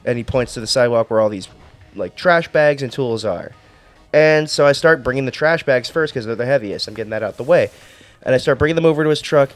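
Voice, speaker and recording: A man's voice: mid-range voice, expressive, a little fast. A man vlogger telling a work story in a rambling, exasperated rant full of swearing and restarts. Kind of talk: casual ranting storytime.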